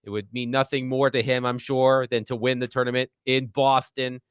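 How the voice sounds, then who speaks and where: A man's voice: mid-range voice, flat delivery, normal speed, clean tone, no room sound, clean studio sound. A man hosting a sports talk show, steadily moderating the panel's picks.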